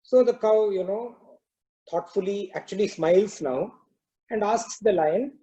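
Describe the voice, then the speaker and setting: Very mellow-voiced man teaching a satsang. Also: high voice, unhurried, low-quality recording. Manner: conversational, many "you know" fillers. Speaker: spiritual teacher. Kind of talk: devotional discourse with storytelling.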